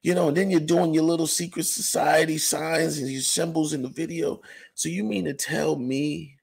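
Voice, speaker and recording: A man giving rambling, animated commentary to camera, full of "you know" asides. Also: on the high side, moderate pace, creaky, husky. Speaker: commentary vlogger. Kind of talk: casual ranting commentary.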